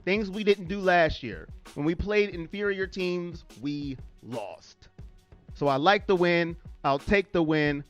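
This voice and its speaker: A man's voice: high voice, slow pace, soft background music. A man hosting a fan live stream, talking straight to viewers and reading chat messages aloud.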